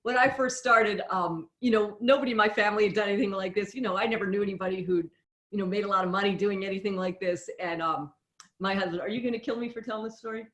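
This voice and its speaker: A woman's voice: mid-range voice, fast, fairly bright tone, echoey room. A woman interviewer in a conversational interview, a chatty, candid storyteller.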